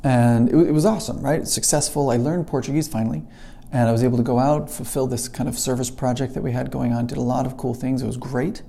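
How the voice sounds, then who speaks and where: Gravelly, very dark-voiced man telling his story. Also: mid-range voice, steady tone. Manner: earnest, slows down and drops to a hush at emotional moments. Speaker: English teacher. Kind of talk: personal storytelling to camera.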